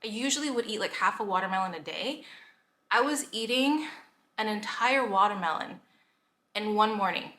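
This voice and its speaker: Bright chatty woman in an echoey room. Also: medium pitch, lively intonation, moderate pace. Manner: chatty, many "like" fillers, laughs often. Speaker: vlogger. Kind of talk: casual talk to camera.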